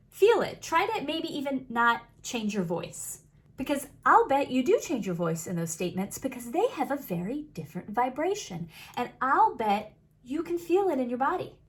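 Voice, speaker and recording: A woman coaching viewers on manifesting in an emphatic motivational talk, repeating key phrases and stretching words for stress. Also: fairly high pitch.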